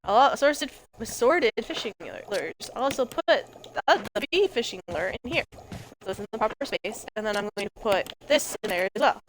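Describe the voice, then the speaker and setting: A woman's voice: on the high side, lively intonation, normal speed, a little hiss or hum, rough recording. Chatty woman rambling over gameplay. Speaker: gaming channel host. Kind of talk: let's play commentary.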